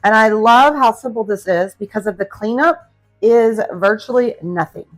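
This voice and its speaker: A woman's voice: on the high side, normal speed, faint music behind. A middle-aged woman hosting a casual cooking demonstration in her home kitchen, chatty and upbeat, talking to her viewers. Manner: chatty, upbeat, addresses viewers as guys and friends. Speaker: cooking channel host.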